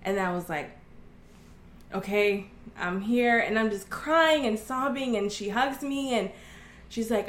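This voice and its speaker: A woman's voice: a little high, a little slow, a little hiss or hum. A woman from Oklahoma giving a candid, earnest personal testimony as an interview guest, acting out the voices of people in her story. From Oklahoma, USA. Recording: echoey room.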